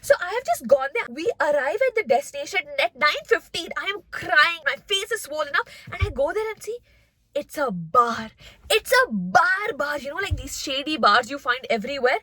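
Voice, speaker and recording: A young woman in her twenties with an Indian English accent, telling an animated storytime vlog and acting out the voices of others. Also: sits high, brisk, no room sound. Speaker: vlogger.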